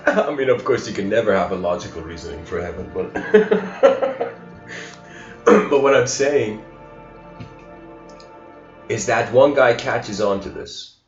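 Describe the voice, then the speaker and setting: A man with a fairly low voice tells a story in a loose, chatty lecture style, laughing often. The recording is dull and roomy, with clear music underneath. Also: very animated, slow pace, pauses often. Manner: loose and chatty, often laughing, many "you know" fillers. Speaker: spiritual lecturer.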